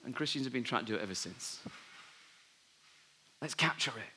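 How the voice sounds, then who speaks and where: A man preaching a sermon, telling a Bible story with lively asides and dropping softly when he gives God's words. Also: medium pitch, normal speed, long pauses, breathy edge. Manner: animated storytelling, drops to soft voice for God's words. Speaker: pastor.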